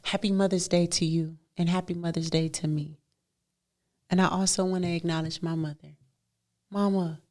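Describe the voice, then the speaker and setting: Woman, fairly low voice, doing a heartfelt solo podcast, repeats herself a lot, laughs a bunch. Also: steady tone, normal speed, darkish tone. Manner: emphatic, repeats encouragement, laughs often. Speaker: podcast host.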